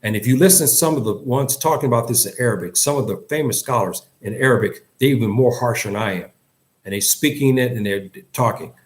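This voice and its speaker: A man's voice: mid-range voice, darkish tone. A man giving an Islamic lesson in English, earnest and emphatic, often repeating himself and restarting his sentences. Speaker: religious teacher.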